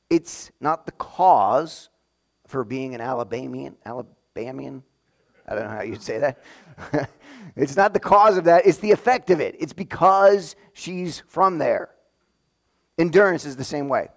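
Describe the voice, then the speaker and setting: A man preaches with a voice that sits a little on the high side. He walks his congregation through each idea in a plain, conversational teaching manner. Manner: conversational teaching, explains step by step. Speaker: pastor. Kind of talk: sermon.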